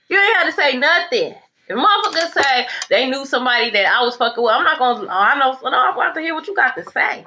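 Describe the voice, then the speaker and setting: A high-voiced woman runs through a casual tarot reading. Her tone is bright and sharp, and her delivery is blunt, emphatic and full of profanity. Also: lively intonation, fairly quick, slight background noise. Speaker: tarot reader.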